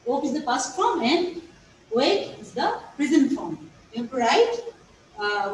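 A woman's voice: high-pitched, big pitch swings, measured pace, slight background noise. A woman with a Bangladeshi English accent, a native Bengali speaker, teaching an English grammar lesson to young pupils and patiently repeating each step. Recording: echoey room, voice far from the mic.

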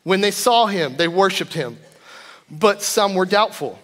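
A man in his thirties preaching a sermon, an animated storyteller who acts out his family's voices. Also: high-pitched, unhurried. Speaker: guest preacher. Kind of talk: sermon with personal stories. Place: church sanctuary. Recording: long church hall reverb.

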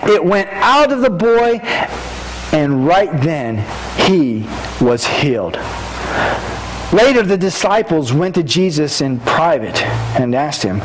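A male pastor preaching with fervor, his voice sitting high for a man. He breaks into loud, emphatic bursts and often repeats his first words as he builds a sentence. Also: very animated, takes it slowly, long pauses, a little hiss or hum, rough recording. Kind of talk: sermon.

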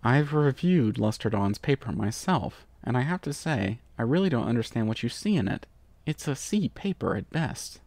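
A man's voice: mid-range voice, very animated, moderate pace, a little mellow, dry recording. A man voicing a curt, dismissive university dean, read out as a letter in a storybook reading.

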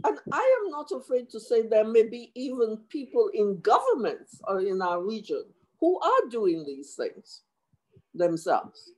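Emotional woman commissioner at a hearing, highish voice, slow and halting, video-call sound. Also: wildly swooping pitch, dark tone, poor audio. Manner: impassioned and emotional, many restarts. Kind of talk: formal hearing statement.

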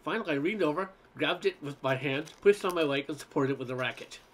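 A man reading a humorous essay aloud in a wry, expressive storytelling manner. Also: on the high side, fast talker.

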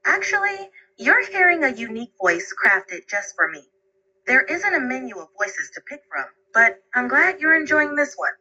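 A synthetic woman's voice of an AI assistant, answering in an upbeat, polite and even way. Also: high-pitched, moderate pace, breathy edge, highs cut off. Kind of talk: conversational assistant replies.

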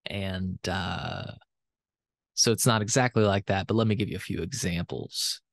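Low-voiced rambling male podcast host. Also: moderate pace, vocal fry, no echo. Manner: rambling, self-correcting, hedging. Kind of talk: conversational interview and recorded aside.

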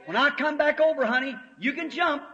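A man voicing a mother eagle who shouts down to her chick from above, on an old lo-fi recording. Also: extremely high pitch, brisk. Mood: urging. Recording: old lo-fi tape, long hall reverb.

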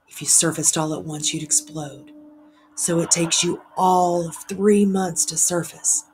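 Woman reading as a brooding old lighthouse keeper guy, slow and hushed, pretty flat delivery. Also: on the low side, slight background noise, close to an everyday voice. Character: older male lighthouse keeper, grave and brooding. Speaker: reader. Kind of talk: story read aloud.

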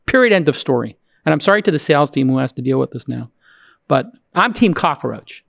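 A podcast host man on a full exasperated rant, his pitch leaping up as he acts out other people. The sound is dry and close on the mic. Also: brisk, vocal fry, dry recording. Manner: animated, exasperated, mimics others mid-rant. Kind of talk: ranting interview talk.

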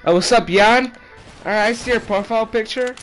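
A man's voice: high voice, a little fast. A man streaming a game with friends, chatting casually, joking and teasing them. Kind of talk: casual gaming chat. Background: loud game music and gunfire.

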